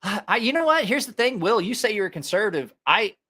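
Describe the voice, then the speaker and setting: A man's voice: high-pitched, very animated, a little fast, pushed and bright. A man hosting a knife channel, delivering a heated, profane opinion rant to the camera. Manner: angry, profane ranting.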